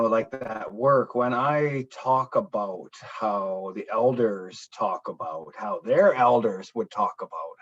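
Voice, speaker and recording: A man's voice: medium pitch, a bit bright. Rambling man telling stories, dull sound. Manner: rambling, many fillers, acts out quoted voices. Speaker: guest speaker. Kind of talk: casual talk at a speaker panel.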